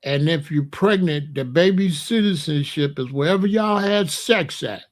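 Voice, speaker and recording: A man's voice: a little high, moderate pace. A man hosting a casual monologue, talking in a loose, joking, rambling way. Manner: loose, joking and rambling, laughs at own jokes. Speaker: host.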